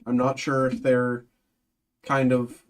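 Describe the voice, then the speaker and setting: A man's voice: mid-range voice, monotone, slow. A man hosting a livestream, thinking aloud in casual chat, hesitant and full of ums and restarts. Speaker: card break host.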